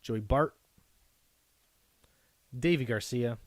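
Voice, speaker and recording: A man hosts a live card break, chatting and rambling at a slow pace in a medium-pitched voice, recorded dry. He's excitable, gasping and whooping whenever a good card gets pulled.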